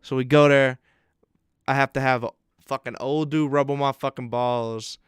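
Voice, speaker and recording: A young male podcast co-host tells a profane story in a casual chat, full of animated energy and frequent laughter, at normal speed. His smooth, resonant voice sits at a middle pitch, and the sound is close and dry, with no room or echo.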